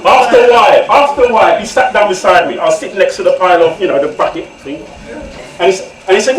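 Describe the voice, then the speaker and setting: Man, animated storyteller, high voice, roomy echo. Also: fast talker, a crowd in the background. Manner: animated, laughs often. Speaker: author, guest speaker. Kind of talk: comic storytelling to an audience. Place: event room indoors. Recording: echoey room from far off, noisy.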